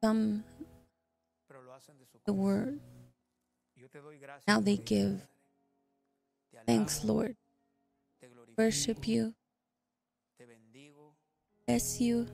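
Gravelly woman interpreting a sermon. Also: fairly high pitch, little pitch movement, warm tone, faint music behind. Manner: measured, catches up in short phrases.

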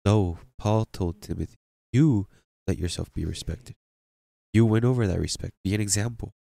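Low-voiced male pastor preaching. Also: moderate pace, creaky, dark tone, dry recording. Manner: emphatic preaching, asks the congregation questions. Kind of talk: sermon.

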